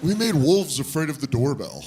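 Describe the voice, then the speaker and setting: A man whose voice is a little high delivers stand-up stories at a moderate pace, animatedly voicing the characters in them. The recording is from a live club set, with audience noise behind.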